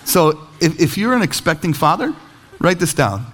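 Male pastor in his thirties, slightly high voice, swooping delivery, jokey sermon storyteller. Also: normal speed, a faint crowd, a little hiss or hum. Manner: animated storytelling with self-deprecating humor.

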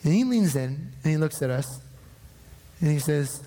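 Man, pastor, lively storytelling sermon, slightly high voice, long hall reverb. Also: normal speed. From northern Minnesota. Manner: animated storytelling, acting out dialogue.

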